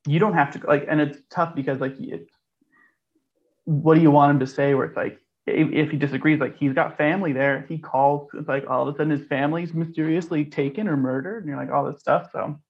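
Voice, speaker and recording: Brief: male co-host, gravelly voice, blunt rambling talker, muffled recording. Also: fairly high pitch, steady tone, a little fast. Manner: rambling, blunt and profane, peppered with "like". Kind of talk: casual chat.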